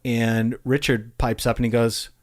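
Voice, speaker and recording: A man's voice: medium pitch, unhurried. Man telling stories on a podcast. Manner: animated, amused, acts out quotes. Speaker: podcast host. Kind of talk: casual storytelling.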